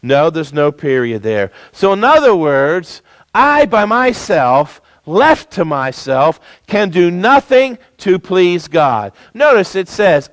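A man preaching a sermon, swinging between loud emphatic peaks and low, quiet stretches, calling for amens. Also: big pitch swings, takes it slowly, no echo. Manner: call-and-response preaching, rising and falling emphatically.

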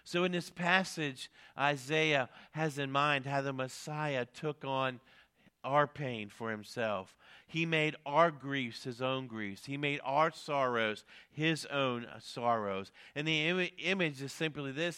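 A middle-aged male pastor delivering a sermon in a smooth, resonant voice at an ordinary pitch. He preaches earnestly, pausing with fillers and then rising into sudden emphatic peaks. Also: pushed and bright.

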